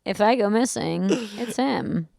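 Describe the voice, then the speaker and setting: A woman's voice: medium pitch, lively intonation, a little slow, creaky, background noise. A young woman co-hosting a casual comedy podcast at home, a chatty storyteller who laughs along. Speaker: podcast co-host.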